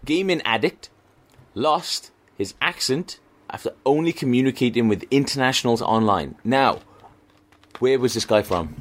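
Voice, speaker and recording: A man's voice: medium pitch, lively intonation, moderate pace. A man co-hosting a podcast, laid-back and dry, swearing casually. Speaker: podcast co-host.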